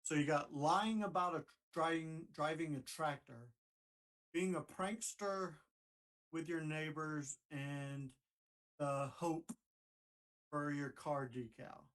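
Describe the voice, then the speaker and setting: A man hosting a casual talk show, relaxed and agreeable as he moves things along. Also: fairly high pitch, slow. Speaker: podcast host. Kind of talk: casual chat.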